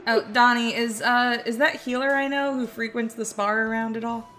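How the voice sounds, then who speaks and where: A woman's voice: on the high side, fairly even intonation, normal speed, fairly bright tone, faint music behind. Woman player, hesitant and giggly. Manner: hesitant, with many fillers and laughs. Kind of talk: casual tabletop play.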